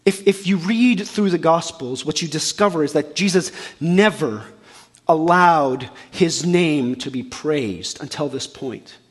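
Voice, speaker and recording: A man preaching a sermon as a pastor, animated and full of restarts, acting out the voices of the people he quotes. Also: a little high, a little slow, husky, big-room sound. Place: church auditorium.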